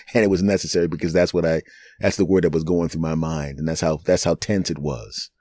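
A middle-aged man, a podcast host and comedian, telling a story in an animated, chatty way with chuckling asides. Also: low-pitched, normal speed, long pauses, no room sound. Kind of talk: storytelling monologue.

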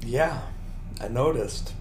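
A man's voice: medium pitch, takes it slowly, darkish tone. A man co-hosting a casual podcast, swearing a lot and telling stories with laughter. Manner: profane, laughing storyteller. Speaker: podcast co-host. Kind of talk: casual banter. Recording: echoey room with background noise.

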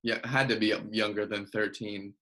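A man's voice: on the low side, fairly even intonation, normal speed, sharp tone. A man hosting an interview, asking long, searching questions full of fillers. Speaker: podcast host, interviewer. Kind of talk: casual interview conversation.

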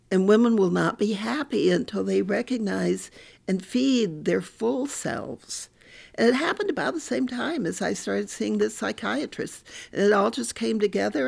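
An older woman speaks in a podcast interview, recounting her life candidly and with animation. Her voice carries a gravelly, creaky edge at a middle pitch. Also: darkish tone. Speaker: guest, professor.

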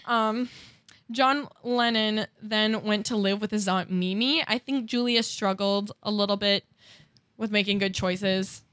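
A woman podcast host chatting casually and retelling a life story, quick and full of filler words. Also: medium pitch, fairly even intonation, fairly bright tone, no echo. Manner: fast, chatty, lots of "like" fillers. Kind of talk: casual chat, retelling a biography.

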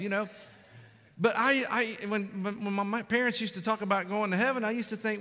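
A man preaching a sermon, emphatic, building up to loud climaxes and asking the congregation for amens. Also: sits high, animated, normal speed. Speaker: pastor. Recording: long hall reverb.

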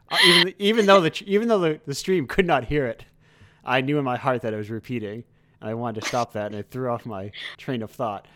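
A man's voice: mid-range voice, brisk, sharp tone. Chatty laughing male stream host. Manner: chatty, laughs often, sidetracked, self-correcting. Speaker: livestream host. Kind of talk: casual interview chat.

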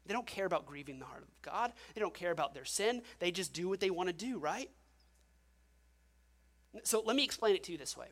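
A male pastor delivers a sermon in a church sanctuary. He preaches in an animated, storytelling way, often turning to the congregation with questions. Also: high-pitched, fairly quick, long pauses.

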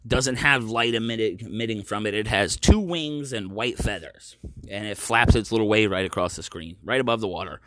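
Sarcastic, profane low-voiced male podcast host. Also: fairly bright tone, dry recording, clean studio sound. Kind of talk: casual ranting commentary.

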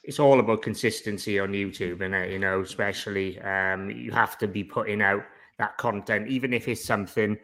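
A man's voice: lowish voice, fairly even intonation, a little fast, a bit bright. A man hosting his own podcast, chatty and agreeable, swearing casually. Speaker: podcast host. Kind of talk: casual chat.

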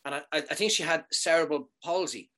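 Animated man telling a comic story. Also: on the high side, brisk. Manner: animated, keeps asking "right?", swears freely.

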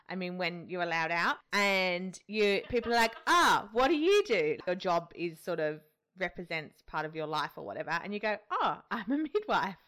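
A woman's voice: mid-range voice, fairly bright tone, clear, resonant tone. A young woman, a midwife co-hosting a podcast, chatting casually and acting out what people say to her. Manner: chatty, laughs often, acts out quotes. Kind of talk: casual chat.

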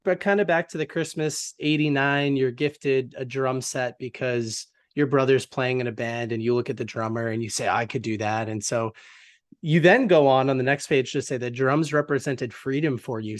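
A man who hosts interviews and reviews books, asking an author long, engaged questions about his memoir, with light laughter. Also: mid-range voice.

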